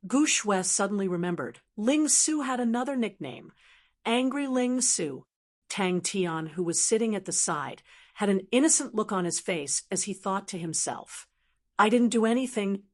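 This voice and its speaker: Woman narrating an audiobook. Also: mid-range voice. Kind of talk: scripted narration of a fantasy novel.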